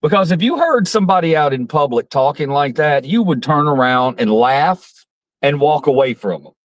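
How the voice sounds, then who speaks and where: A man's voice: fairly high pitch, animated, normal speed, no room sound. A man giving casual, rambling political commentary on his stream, profane and mocking, with frequent restarts.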